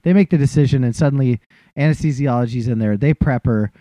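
A man's voice: medium pitch, quick pace, mellow, dry recording. A man telling a funny, self-deprecating story in a casual chat and acting out what other people said.

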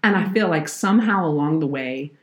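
A woman's voice: deep voice, expressive, fairly quick, slight background noise. A woman, an earnest podcast guest telling a heartfelt faith story. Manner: earnest, heartfelt, tearful at moments. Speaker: podcast guest, children's minister.

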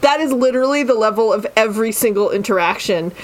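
Sardonic female podcast co-host with a high voice, rambling through a book recap with salty asides. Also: expressive, quick pace. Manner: rambling, sardonic, swears freely. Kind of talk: casual book discussion.

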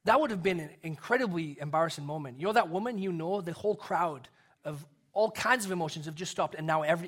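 A male pastor with young kids preaching a sermon, earnest and dropping to a soft hush to make a point. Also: fairly high pitch, quick pace.

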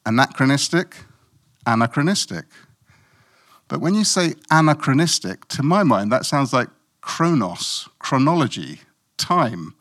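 A man's voice: medium pitch, big pitch swings, a little slow, fairly bright tone. A middle-aged man from Africa preaching a sermon in a conversational, self-mocking way, with playful asides.

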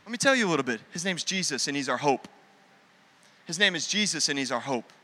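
A man preaching a sermon as pastor, energetic and conversational, slipping into acted asides. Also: fairly high pitch, fast talker. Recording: long hall reverb.

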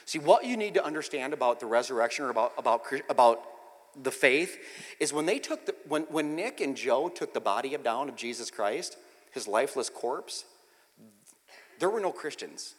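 A man preaching a sermon, telling the story with acted-out quotes and swinging from hushed, intimate passages to loud, shouted ones. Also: mid-range voice, animated, moderate pace, long reverb tail. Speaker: pastor.

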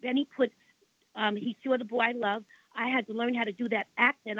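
A woman's voice: fairly high pitch, steady tone, brisk, fairly bright tone, no room sound. An older woman with a Brooklyn accent, telling long rambling stories as an interview guest. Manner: rambling, repeats herself, indignant about the past. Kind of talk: storytelling in a radio interview. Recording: tinny phone line.

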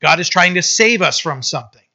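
Bright-voiced preacher, muffled recording. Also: male voice, sits high, expressive, a little fast. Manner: conversational, asks the room "right?" often; reads scripture aloud, then explains it. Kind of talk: sermon.

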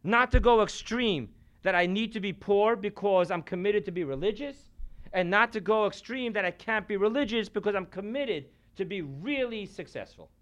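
A man, a rabbi, giving a sermon to a live audience in a room, telling stories and shifting from loud emphasis to quiet asides. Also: high voice, lively intonation, moderate pace.

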